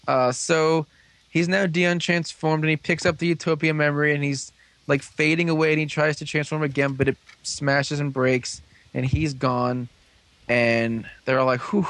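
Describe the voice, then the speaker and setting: A man's voice: medium pitch, fairly even intonation, normal speed, fairly bright tone. A man on a casual voice-call podcast, recapping an episode in a rambling way and acting out the characters' lines. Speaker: podcast host recapping a show. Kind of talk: casual chat over a voice call.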